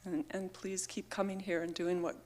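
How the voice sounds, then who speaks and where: A woman's voice: fairly low pitch, flat delivery, moderate pace, a little mellow, a little hiss or hum. A middle-aged woman giving an earnest, heartfelt memorial tribute into a microphone at a gathering, her voice emotional. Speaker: memorial speaker.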